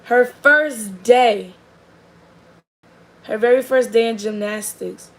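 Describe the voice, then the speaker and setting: A woman's voice: mid-range voice, vocal fry, darkish tone, low-quality recording. A young adult woman, chatting casually and animatedly about her child, with lots of fillers. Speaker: mother. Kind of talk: casual storytelling chat. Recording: faint background noise.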